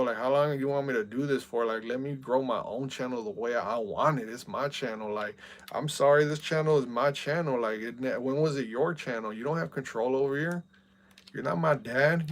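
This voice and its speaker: Young male streamer, average pitch, talks loose and fired up, filler-heavy. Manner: heated, repeats "bro" and "man" a lot. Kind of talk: casual chat.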